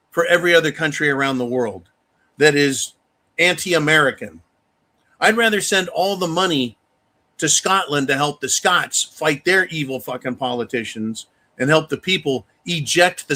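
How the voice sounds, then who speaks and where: A man with a fairly high, sharp and forceful voice hosts a casual live talk show. He rants bluntly and profanely, speaking straight to his viewers as he reads out their donations. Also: moderate pace. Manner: addresses viewers directly. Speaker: livestream host reading viewer donations.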